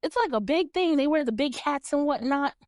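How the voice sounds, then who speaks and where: Young New York woman hosting a podcast; lively, laughing, swears freely, fairly high voice. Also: fairly quick, no echo, studio quality. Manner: animated, laughs often, swears casually. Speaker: podcast host. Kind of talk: casual chat.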